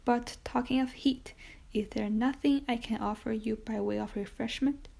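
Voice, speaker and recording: A nervous, bowing innkeeper, middle-aged and overeager to please his guest, as a woman reads him in an audiobook. The voice is gravelly and mellow. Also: on the high side, fairly even intonation, moderate pace. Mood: fawning. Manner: obsequious, eager to please. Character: anxious fawning male innkeeper, middle-aged.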